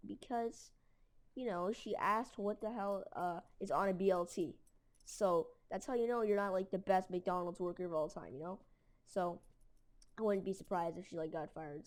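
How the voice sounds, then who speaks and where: A woman's voice: mid-range voice, darkish tone. A woman telling a story casually, rambling with lots of fillers and mild slang. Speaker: storytelling video creator.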